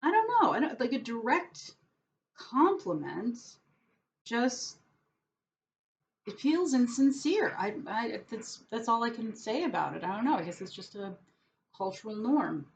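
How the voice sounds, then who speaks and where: Slow, wry New woman vlogging. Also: on the high side, sing-song, gravelly. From New York. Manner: hesitant, many fillers and restarts; wry, self-deprecating sarcasm. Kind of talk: casual rambling monologue. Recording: dull lo-fi audio with faint background noise.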